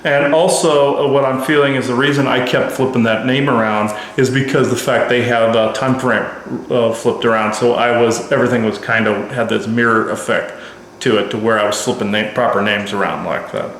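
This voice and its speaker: A man recounting a personal experience in a casual, halting, rambling way with many restarts. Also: medium pitch, fairly even intonation, fairly bright tone, a little hiss or hum. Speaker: narrator of contact experiences. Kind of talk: casual spoken account. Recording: very echoey room.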